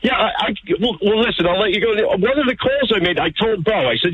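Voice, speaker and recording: A man calling in to a talk radio show, telling a story in an animated way and acting out other people's voices. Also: sits high, a little fast, few pauses, breathy edge, no echo. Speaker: caller. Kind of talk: phone-in storytelling. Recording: tinny phone line.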